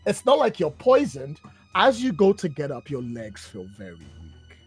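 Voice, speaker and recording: A man's voice: on the high side, huge pitch swings, slightly rough, soft background music, full character voice. A man voicing a grandiose male villain who rules a dream realm, theatrical and gloating. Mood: smug. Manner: theatrical, gloating, slow and measured.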